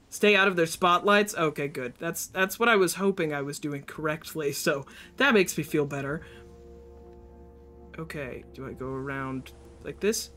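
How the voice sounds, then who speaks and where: A man's voice: on the high side, expressive, normal speed, bright, forceful tone, soft background music. A young man streaming live, giving jittery, panicky commentary as he plays and talks to his chat.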